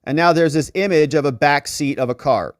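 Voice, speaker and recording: A man's voice: a little high, a little fast, dry recording, clean studio sound. A man hosting a legal commentary show, talking casually and thinking aloud as he walks through a set of messages. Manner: thinking aloud, conversational, with fillers.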